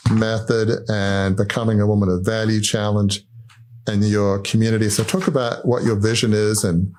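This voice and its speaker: A man's voice: on the low side, flat delivery, normal speed, a little hiss or hum. A man hosting a podcast, asking questions and telling a personal story in a reflective way. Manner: reflective and warm-hearted storytelling. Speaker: podcast host. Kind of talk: interview conversation.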